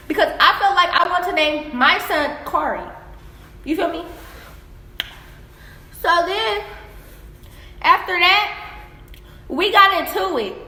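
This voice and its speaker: High bright young woman, echoey phone vlog. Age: young adult. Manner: blunt, profane, animated retelling. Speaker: vlogger. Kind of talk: casual storytelling vlog.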